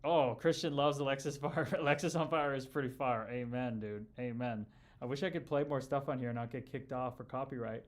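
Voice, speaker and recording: A relaxed man talking loosely to his livestream audience at a middle pitch. He greets viewers like old friends, tossing in dude and brother as he reads their comments aloud. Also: quick pace. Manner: laid-back and chummy, calls viewers brother and dude. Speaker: livestream host and former hockey player.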